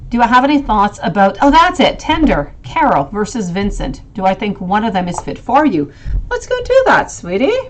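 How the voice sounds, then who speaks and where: A woman's voice: medium pitch, wildly swooping pitch, normal speed. A woman hosting a live tarot reading stream, talking to viewers and calling them sweetie as she reads the cards. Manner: affectionate, calls viewers sweetie, thinks aloud. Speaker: tarot reader, livestream host.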